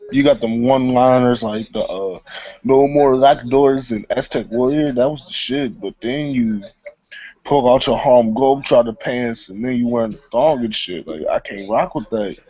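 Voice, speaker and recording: A man's voice: medium pitch, normal speed, darkish tone, no room sound, lo-fi sound. A man co-hosting a casual movie chat, talking blunt and slangy. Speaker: co-host, film reviewer.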